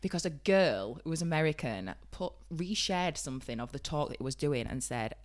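A young woman with a broad Yorkshire accent, co-hosting a podcast in lively casual chat and laughing often. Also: low voice, moderate pace. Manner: animated, laughs often, bursts loud. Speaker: podcast co-host.

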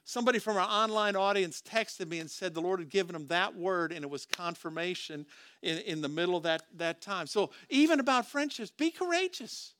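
A man's voice: high voice, a little fast, fairly bright tone, no room sound, studio quality. A man preaching a sermon as pastor, talking to the congregation in a conversational way, with rhetorical questions and frequent restarts.

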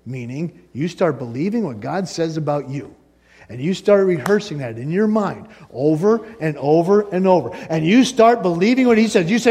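A man preaching a sermon as pastor, animated, acting out the voices of doubting listeners. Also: high-pitched, a little slow.

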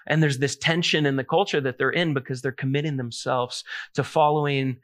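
A man preaching a sermon, telling a story in a lively, animated way with many asides. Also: medium pitch, fairly quick. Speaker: pastor.

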